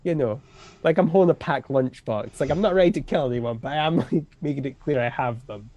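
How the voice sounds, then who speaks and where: A man's voice: mid-range voice, fairly quick, dark tone. A man playing a tabletop game over voice chat, rambling and hesitant with frequent giggles. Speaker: player.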